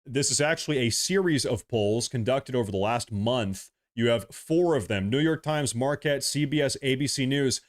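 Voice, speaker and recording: A man from the United States hosting a political livestream, with heated, combative and repetitive talk that swings between loud outbursts and low mutters, into a headset mic. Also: moderate pace, few pauses. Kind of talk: livestream commentary.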